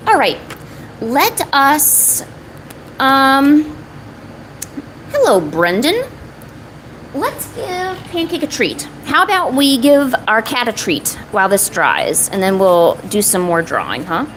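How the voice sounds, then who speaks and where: A woman's voice: fairly high pitch, very animated, slow pace, long pauses, fairly bright tone, slight background noise, low-quality recording. A woman chatting casually on her art live stream, talking to viewers and cooing at her cat between drawing. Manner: chatty, coos baby talk to her cat.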